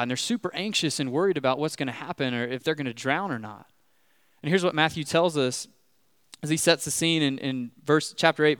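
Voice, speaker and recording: A man's voice: fairly high pitch, a bit bright, no echo, clean studio sound. A man preaching a conversational sermon in a casual way, often checking in with "right?". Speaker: pastor.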